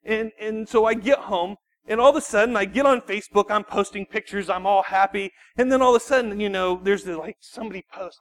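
A man, a youth pastor, giving an animated sermon full of personal storytelling and quick restarts. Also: high voice. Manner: animated, self-deprecating storytelling with frequent restarts.

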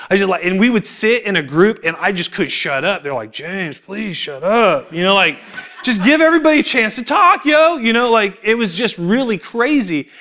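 A young adult man giving a church testimony, telling his story in an animated, informal way, laughing often and acting out what people said. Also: sits high, a little fast. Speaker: church speaker sharing testimony. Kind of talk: sermon testimony.

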